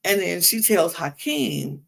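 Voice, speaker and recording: A woman hosting a podcast, recapping a reality show in an animated, exasperated rant full of asides. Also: fairly low pitch, slow pace, gravelly, husky. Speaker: podcast host.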